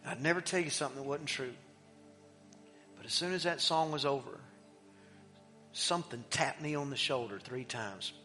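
A middle-aged man preaching in a church, telling a personal story in an animated way that swings between loud emphasis and hushed, quiet passages. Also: mid-range voice, normal speed, long pauses. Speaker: pastor. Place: church sanctuary. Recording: long hall reverb with faint music.

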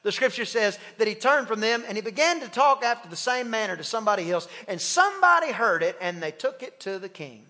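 High, bright-voiced impassioned preacher man. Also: expressive, fairly quick, few pauses. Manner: impassioned, with repetition and call-and-response. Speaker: pastor. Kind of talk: sermon. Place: church sanctuary. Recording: long reverb of a church hall.

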